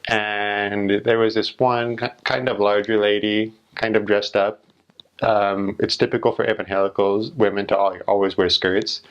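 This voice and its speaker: A man's voice: on the low side, little pitch movement, moderate pace, muffled recording. A young man telling casual mission stories in a rambling, chatty way, full of "like" fillers. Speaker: returned missionary. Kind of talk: casual storytelling.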